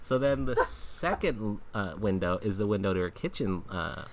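A man with a fairly low voice hosts a casual podcast chat. He tells a long, rambling story full of "like" and "um". A faint hiss sits under his voice. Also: animated, moderate pace. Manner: rambling storyteller, many fillers. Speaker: podcast host.

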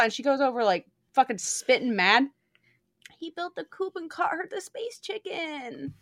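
A woman's voice: fairly high pitch, animated, normal speed, no room sound, clean studio sound. Gushing young woman with a drawl. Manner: gushing, swears freely, many fillers. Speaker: podcast co-host reviewing a book. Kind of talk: casual chat.

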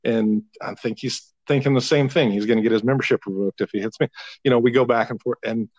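A man as a podcast guest telling an animated, profane story in casual conversation. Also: medium pitch, fast talker, dry recording, highs cut off.

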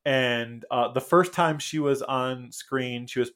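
A man's voice: mid-range voice, takes it slowly, a bit bright. A man, a podcast guest, telling long anecdotes in casual chat, rambling off on tangents and chuckling as he goes. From United States. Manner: rambling, self-interrupting, chuckles through anecdotes. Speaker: podcast guest, comic book author. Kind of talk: casual interview storytelling.

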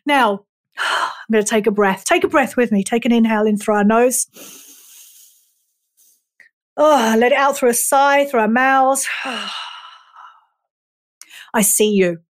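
Woman, high voice, motivational podcast host, earnest, emphatic, repeating affirmations. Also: fairly even intonation, moderate pace. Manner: earnest and emotional. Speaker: podcast host and life coach.

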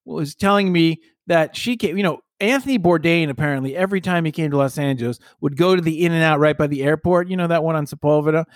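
A man's voice: fairly high pitch, quick pace, few pauses, dry recording, studio quality. A man in casual conversation as a podcast co-host, musing and rambling with playful banter. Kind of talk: casual chat.

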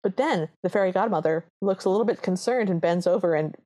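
Low-voiced woman podcaster, animated storytelling, gushing. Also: fast talker. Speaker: podcast co-host. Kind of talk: casual film recap chat.

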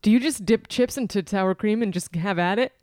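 Teasing, animated female podcast co-host. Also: medium pitch, brisk, dry recording, clean studio sound. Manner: teasing, animated, laughs easily. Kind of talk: casual chat.

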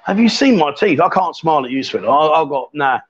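A man's voice: a little high, expressive, a little fast, a little hiss or hum. A man hosting a casual live-stream chat, teasing his guest and reading out viewer comments. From England. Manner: teasing, jokey, reads out comments. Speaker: host. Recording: dull lo-fi stream audio.

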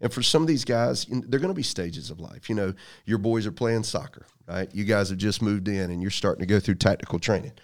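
A deep-voiced man leans into a story with a folksy, preacherly warmth. He talks casually, moving from anecdotes to life lessons. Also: fast talker.

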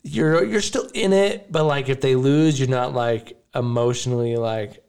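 A man's voice: mid-range voice, unhurried, a little mellow, clear, resonant tone. A man hosting a hockey podcast, talking in a casual, rambling and emotional way, often laughing. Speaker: podcast host. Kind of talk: casual chat.

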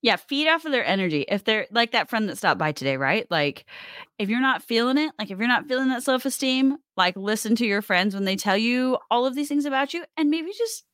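A woman's voice: fairly high pitch, animated, brisk, fairly bright tone, no echo. A woman co-hosts a casual podcast, encouraging and upbeat, and her voice rises and falls a lot. The sound is close and dry. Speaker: podcast co-host. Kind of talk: casual chat.

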